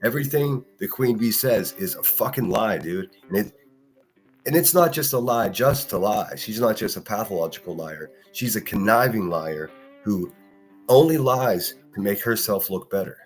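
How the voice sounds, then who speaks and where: Low-voiced man ranting on a live stream. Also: animated, moderate pace, soft background music. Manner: profane, heated, combative; reads and answers chat comments. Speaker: live-stream podcast host.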